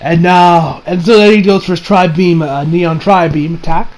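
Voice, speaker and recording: A man giving a casual, excited review of an anime episode, often laughing and acting out lines from the show. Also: high-pitched, normal speed, poor audio. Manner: excited, laughing, acts out quotes in funny voices.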